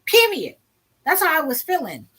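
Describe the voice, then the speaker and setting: A woman vlogger telling a personal story in a casual, blunt, animated way, with some profanity. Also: on the high side, normal speed.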